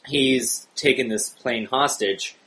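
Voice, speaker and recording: Casting: podcast host, man with a mid-range voice, animated and excitable. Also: takes it slowly, low-quality recording. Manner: animated, excitable, jumps high in pitch when worked up. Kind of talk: casual podcast chat.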